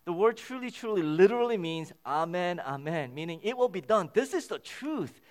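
A male pastor delivering a sermon, with a slightly higher than average voice that swings widely in pitch. He leans into key phrases with emphatic repetition and talks to the congregation in a conversational way. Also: lively intonation, moderate pace. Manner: emphatic, repeats key phrases, climbs higher when stressing a point. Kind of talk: sermon with scripture reading.

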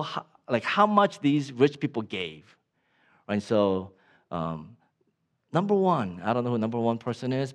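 A man preaching a sermon as a pastor in a church, with many restarts and acted-out quotes, climbing high when excited and dropping low and soft.

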